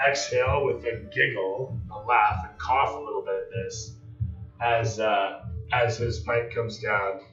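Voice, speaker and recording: A man's voice: on the low side, steady tone, a little slow, a bit bright. A man running a tabletop game on a live stream as game master, describing scenes like camera shots, with many fillers. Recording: echoey, distant, dull sound with faint music.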